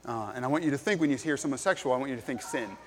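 A man delivering a sermon at an ordinary middle pitch, earnest and plain, with hesitant ums between points. His voice carries a long reverb, as if recorded in a church hall. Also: expressive, very fast, a little hiss or hum. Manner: earnest, plain-spoken, many ums and restarts. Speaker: pastor.

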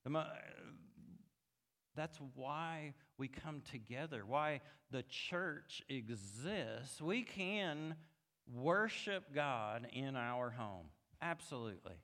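A man preaching a sermon as pastor, moving from quiet reflection to emphatic, rising passages. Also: mid-range voice, lively intonation, slow pace. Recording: long hall reverb.

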